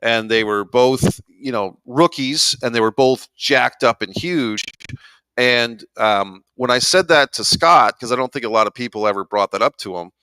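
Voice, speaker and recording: Guy chatting on a podcast, bright smooth voice, kinda rambly, dry close sound. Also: medium pitch, normal speed, dry recording, poor audio. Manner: rambling, laid-back storytelling with fillers. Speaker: podcast co-host. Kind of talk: casual chat.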